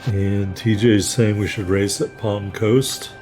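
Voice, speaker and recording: A man's voice: fairly low pitch, fairly even intonation, unhurried, darkish tone, soft background music. A tired, yawning man hosting a gameplay video, chatting casually with apologetic asides to his viewers. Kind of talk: casual let's play commentary.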